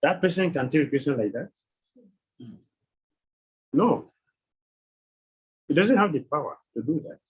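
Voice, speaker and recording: A man's voice: fairly high pitch, expressive, measured pace, long pauses, breathy edge, lo-fi sound. A man teaching a scripture class who keeps quizzing his listeners with questions and chuckles as he goes. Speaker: spiritual teacher.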